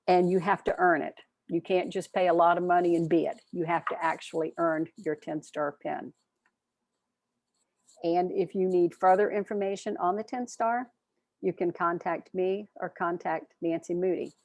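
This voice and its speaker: Friendly woman presenter, lower register, close and dry, video-call meeting. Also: steady tone, normal speed, darkish tone, dry recording. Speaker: program presenter. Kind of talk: online club meeting presentation.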